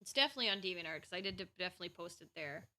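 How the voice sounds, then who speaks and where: A woman streamer talks casually while she draws, in a chatty, playful, rambling way. Her voice is bright and forward. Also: on the low side, expressive, racing. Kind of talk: casual chat while drawing.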